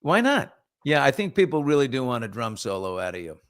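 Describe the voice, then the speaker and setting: A middle-aged man hosting a casual morning talk show, telling stories with lively acted-out quotes. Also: medium pitch, fairly quick. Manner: animated storyteller, acts out quotes and whispers. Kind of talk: casual storytelling chat.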